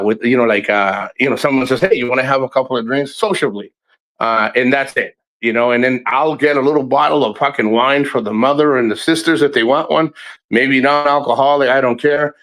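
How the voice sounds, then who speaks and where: Blunt, profane man ranting on a livestream. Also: mid-range voice. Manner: animated storyteller who acts out quotes. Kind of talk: casual livestream rant.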